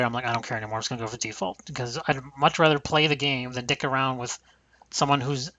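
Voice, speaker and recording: A man's voice: medium pitch, pushed and bright, no room sound. A man hosting a casual podcast, talking bluntly and profanely in long rambling runs. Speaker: podcast host.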